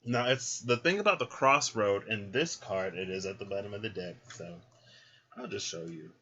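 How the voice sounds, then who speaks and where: A man's voice: fairly low pitch, moderate pace, sharp tone, slightly rough. A man giving a casual card reading, chatty and thinking aloud as he goes. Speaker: card reader. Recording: dull lo-fi recording.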